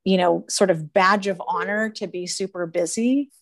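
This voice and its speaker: A woman's voice: lowish voice, fairly even intonation, moderate pace, no room sound. A woman talking earnestly and emphatically in a casual conversation, laughing often as she coaches.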